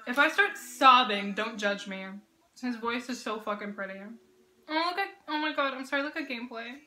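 A young woman hosting a casual reaction vlog, gushing and excitable, laughing often and swearing freely. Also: a little high, brisk. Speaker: reaction video host.

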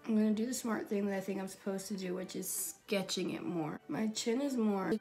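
A woman's voice: medium pitch, a little fast, warm tone. A woman makeup YouTuber chatting casually and rambling in self-deprecating asides while she draws. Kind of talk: casual vlog chat while drawing. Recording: background music.

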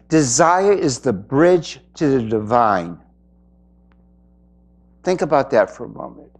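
A man giving an inspirational spiritual talk to an audience, earnest and reflective, with pauses. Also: mid-range voice, animated. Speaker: spiritual speaker.

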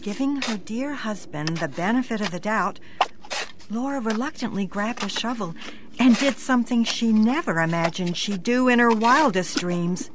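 A woman narrating a scripted ghost story in a dramatic manner, slowing down for suspense. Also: mid-range voice, noisy background.

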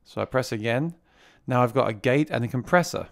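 A man walks through a piece of music gear in a chatty demo, often repeating a word as he restarts a thought. His voice sits at a middling pitch and runs through a vocal mic plugged into the device itself. The sound is dry and close, with no room around it. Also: expressive, a little fast, vocal fry, dry recording. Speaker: gear reviewer. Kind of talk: casual product demo. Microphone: vocal mic routed through the mixer being reviewed.

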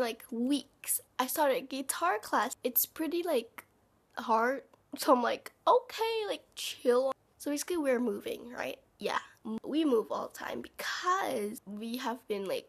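A teenage girl with a highish, slightly rough voice vlogs casually to the camera. She gushes with dramatic exclamations and now and then drops to a whisper.

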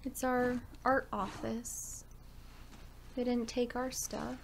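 High-voiced woman chatting over gameplay. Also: little pitch movement, slow, gravelly, slight background noise. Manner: chatty, thinks aloud, drops to soft asides. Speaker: let's play host. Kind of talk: casual gameplay commentary.

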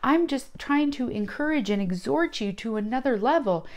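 A woman giving a casual sermon, talking to her listeners in a conversational, emphatic way and slowing down to read scripture aloud. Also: on the high side, animated, a little mellow. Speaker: Bible teacher.

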